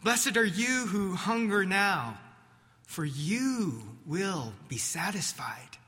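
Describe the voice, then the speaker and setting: A man voicing a calm, gentle teacher, speaking slowly and solemnly. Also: high-pitched, pitched above the performer's own voice, heavily acted. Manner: slow, measured, solemn. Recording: echoey hall reverb.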